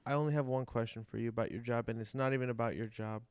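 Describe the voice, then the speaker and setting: A man of middle pitch with a very smooth, resonant voice asks questions and jokes playfully in casual chat. The sound is dry, with no room around it. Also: fairly even intonation, very fast, darkish tone, no echo. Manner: joking, playful with words.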